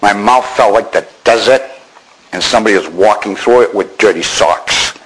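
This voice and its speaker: A man's voice: lowish voice, moderate pace, a bit bright, husky, rough recording. An older man from Maine telling his own war story with dry, wry understatement. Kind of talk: personal storytelling.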